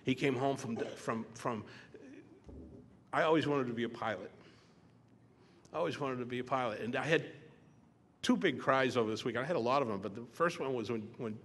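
A man's voice: mid-range voice, fairly bright tone. Older man telling his recovery story. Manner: halting, joking storyteller. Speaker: speaker at a recovery meeting. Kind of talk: personal recovery testimony. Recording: echoey hall, faint room noise.

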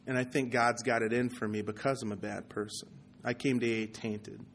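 A man giving a personal testimony talk at a recovery meeting, talking passionately and swinging from loud, heated outbursts to low, quiet confession. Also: flat delivery, brisk, slight background noise. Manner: conversational, repeats "you know".

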